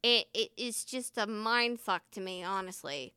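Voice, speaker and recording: A woman's voice: medium pitch, lively intonation, unhurried, bright, forceful tone, smooth, no room sound, clean studio sound. A woman who works as a first responder, telling a rambling, candid story and swearing freely. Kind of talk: casual storytelling vlog.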